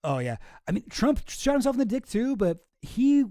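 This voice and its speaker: A man hosting a casual commentary stream, rambling, sarcastic and quick to swear. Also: extremely high pitch, very animated, warm tone, dry recording, clean studio sound. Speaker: streamer host.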